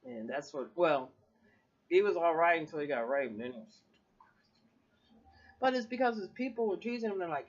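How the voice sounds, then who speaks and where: A woman's voice: on the low side, animated, moderate pace, dull audio. A woman talking casually to camera in a rambling vlog, swearing freely and laughing often. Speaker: vlogger.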